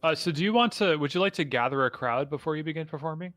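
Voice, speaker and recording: A man running a tabletop game as dungeon master, reacting with quick okays and easy laughter. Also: a little high, lively intonation, a bit bright. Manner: quick affirmations, laughs easily.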